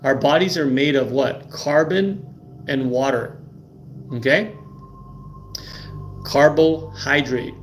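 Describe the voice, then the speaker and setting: Emphatic man hosting a live stream. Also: medium pitch. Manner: emphatic, repeats words, asks "right?" often. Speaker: livestream host. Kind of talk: live stream health talk.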